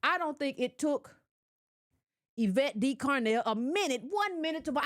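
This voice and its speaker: A woman's voice: high voice, lively intonation, moderate pace, dry recording, clean studio sound. A woman giving casual opinion commentary to her audience, emphatic and scolding, repeating her points in slangy direct address.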